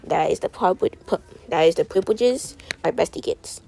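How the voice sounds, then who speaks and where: Sassy woman rambling while she colors, lots of vocal fry, keeps restarting her words. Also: lowish voice, normal speed, mellow, a little hiss or hum. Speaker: video creator. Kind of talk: chatty commentary while coloring.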